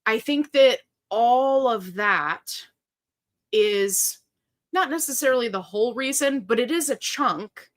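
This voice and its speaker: A woman hosting a casual live stream, chatting with viewers and reading their comments in a lively, joking way. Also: a little high. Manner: chatty and animated, quick asides and laughs. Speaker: livestream host.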